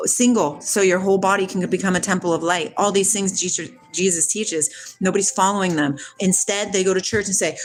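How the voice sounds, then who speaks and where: A woman hosting a casual spiritual livestream, talking back to her chat in an excitable, preachy way. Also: medium pitch, a little fast. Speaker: livestream host reading chat.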